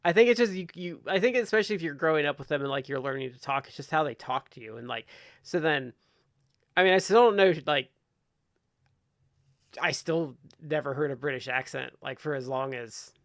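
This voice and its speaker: A man's voice: fairly high pitch, a little fast, a bit bright, dry recording. Rambling man from Ohio, dry close sound. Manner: rambling, heavy use of "like" and restarts. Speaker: podcast host. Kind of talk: casual podcast chat.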